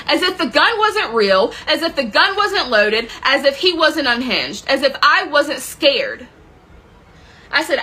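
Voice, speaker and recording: A woman's voice: high-pitched, sing-song, unhurried, sharp tone, poor audio. A woman telling a dramatic personal story with plenty of swearing, intense and emotional in her retelling. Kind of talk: personal story told to camera.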